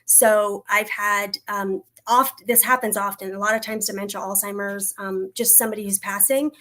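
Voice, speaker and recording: A woman working as a psychic medium, doing a livestream reading and Q&A, talking in a soft, reassuring way with frequent pauses, fillers and restarts. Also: mid-range voice, fairly even intonation. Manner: hesitant, halting, many fillers and restarts.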